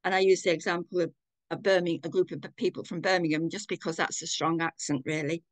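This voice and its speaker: Older woman, Manchester accent, lowish voice, dry sound, measured and reflective, video call. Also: fairly even intonation, dry recording. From England. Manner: thoughtful, measured, with restarts. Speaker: community participant.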